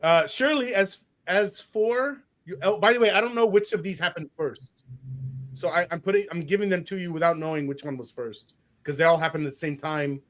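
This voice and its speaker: A man with a high-pitched voice hosts a casual talk show and reads viewer comments aloud. He sounds animated and indignant and laughs as he talks. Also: fairly quick. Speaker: podcast host. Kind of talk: casual conversation, reading out comments.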